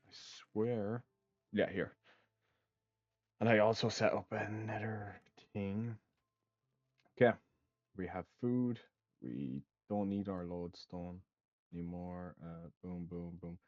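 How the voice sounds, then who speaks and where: A man's voice: lowish voice, slow pace, pauses often, darkish tone, no echo. A young man hosting a casual let's play, rambling with lots of ums and uhs and offhand swearing. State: hiccups. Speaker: gaming channel host. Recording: dull, dry lo-fi mic.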